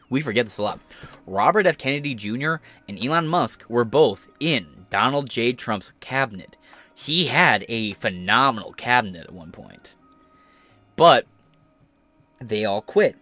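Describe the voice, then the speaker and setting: Male podcaster of middle pitch, mocking and foul-mouthed, with faint music underneath. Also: bright, forceful tone. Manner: sarcastic, crude, mocking. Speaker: podcast host. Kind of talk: profane live-stream commentary.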